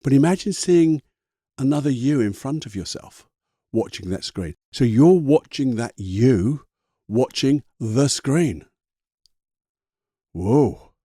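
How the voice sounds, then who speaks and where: Soothing man with a dark husky voice. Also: mid-range voice, lively intonation, dry recording, clean studio sound. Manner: slow, soothing, guiding with repeated phrases. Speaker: podcast host and coach. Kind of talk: guided self-help talk.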